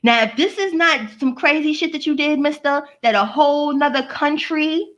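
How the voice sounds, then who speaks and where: A woman's voice: high voice, moderate pace, a bit bright, dull audio. A woman vlogger ranting casually to her live chat, profane and mocking, answering viewers by name.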